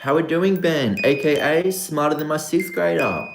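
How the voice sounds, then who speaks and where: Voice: medium pitch, expressive, normal speed, gravelly, hardly any pauses. Upbeat Australian streamer, roomy sound. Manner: upbeat, greets viewers by name, playful shout-outs. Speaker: livestream host. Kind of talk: casual live-stream chat. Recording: roomy room with music playing. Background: background music.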